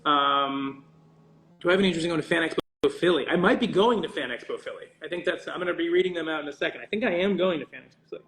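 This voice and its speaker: A man's voice: a little high, fast talker, a bit bright, roomy sound. A man chatting casually on a livestream as he signs autographs for fans. He rambles, interrupts himself and swears jokingly. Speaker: voice actor signing autographs for fans.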